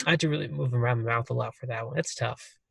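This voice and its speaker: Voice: mid-range voice, fast talker, vocal fry, breathy edge, dry recording. A laid-back speaker in casual chat, joking at their own expense.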